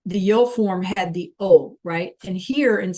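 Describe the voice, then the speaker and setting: A woman's voice: medium pitch, measured pace, mellow. A woman teaching a live online Spanish class, patiently coaxing students and repeating verb endings.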